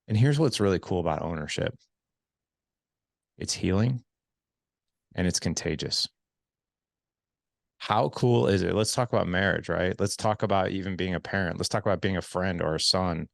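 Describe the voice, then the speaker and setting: In his forties, a podcast host speaks earnestly and reflectively at normal speed, pausing often and stumbling over and repeating words as his thoughts take shape. His very low voice has a gravelly, fry-edged texture. The recording is close and dry, with almost no room sound and no echo.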